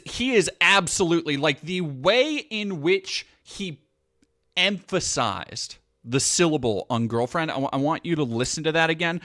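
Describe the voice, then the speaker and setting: A man's voice: on the high side, pushed and bright. A man giving casual, sarcastic, profane commentary on video clips as a streamer.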